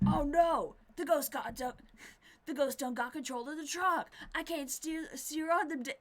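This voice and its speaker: A woman's voice: sits high, normal speed, pitched above the performer's own voice, close to an everyday voice. A woman voicing panicked backwoods male trucker ghost hunters with a hammy yokel drawl.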